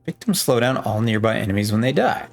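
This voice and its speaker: Low-voiced man rambling over gameplay. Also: lively intonation, quick pace, creaky, soft background music. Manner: rambling, playful, self-joking asides. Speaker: let's play gamer. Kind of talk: casual gameplay commentary.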